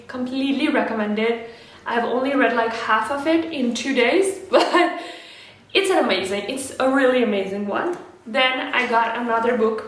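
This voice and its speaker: A young woman vlogging casually to camera, chatty and earnest, often restarting her sentences. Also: on the high side. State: a little out of breath. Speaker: lifestyle vlogger. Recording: very echoey room, faint background noise.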